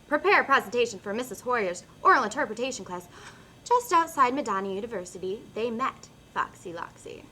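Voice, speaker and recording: A young woman student narrating a silly storybook in a playful, expressive reading style. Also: a little high, a little hiss or hum. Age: young adult.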